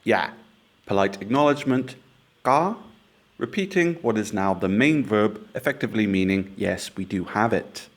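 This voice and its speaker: A man narrating a language lesson in a clear, measured, instructive way. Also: on the low side, animated. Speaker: language teacher. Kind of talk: scripted explanatory narration.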